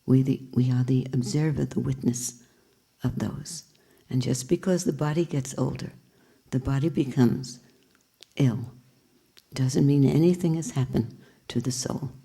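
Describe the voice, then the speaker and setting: A woman's voice: rumbling low, measured pace, gravelly, mellow, husky. A woman teacher giving a spiritual talk with storytelling, earnest and reflective.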